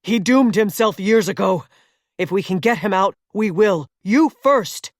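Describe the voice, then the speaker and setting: A woman's voice: medium pitch, expressive, measured pace, no echo, clean studio sound. Woman doing a man barking rescue orders. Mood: commanding. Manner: shouting commands, forceful. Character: determined man giving orders during an ice rescue.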